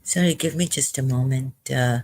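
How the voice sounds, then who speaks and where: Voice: medium pitch, moderate pace, a little mellow. A vlogger in their fifties, rambling and tearful, breaking off with fillers and apologies. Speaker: video blogger. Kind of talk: rambling emotional commentary.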